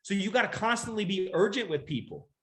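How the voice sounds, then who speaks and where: A man with a notably high voice delivers a motivational sales talk to a crowd. He fires off rhetorical questions, repeats his key lines for emphasis and pulls the audience into call-and-response. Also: expressive, a little fast, very noisy. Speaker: sales trainer.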